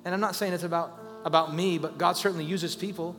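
High-voiced guy preaching casually then getting loud, big reverb hall, faint music behind. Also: fairly even intonation, fast. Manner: conversational preaching, rising to loud urgent pleas. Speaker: pastor. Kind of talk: sermon.

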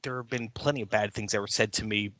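American man, podcast co-host, animated casual chat, bright forceful tone, dry close mic. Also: fairly low pitch, fast talker, no echo. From United States. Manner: animated, acts out quotes with loud shouting.

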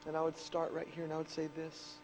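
A man in his thirties preaching a sermon as pastor, telling stories animatedly and rising to shouts on key points. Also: fairly high pitch, monotone, quick pace, background noise. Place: church.

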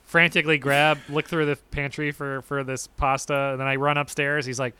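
A young man co-hosting a podcast, telling animated stories in casual chat and acting out quotes with sudden yelps. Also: on the high side, a little fast, clean tone, no echo. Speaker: podcast co-host.

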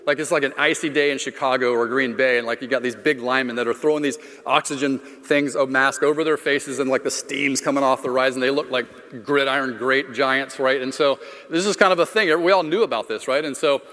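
A man's voice: medium pitch, steady tone, fairly quick, bright, forceful tone. A middle-aged man from Florida preaching a sermon, telling a personal story in a conversational, self-deprecating way. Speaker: pastor. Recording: long hall reverb.

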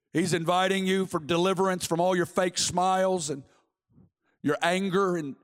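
A man preaching a sermon in a church, fervent and driving his points home by repeating phrases. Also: high voice. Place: church sanctuary.

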